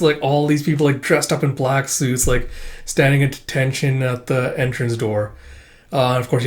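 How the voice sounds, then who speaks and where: A man hosting a casual manga read-through, rambling with lots of "uh" and "like" fillers. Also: medium pitch. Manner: rambling with frequent "uh" and "like". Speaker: manga reading channel host.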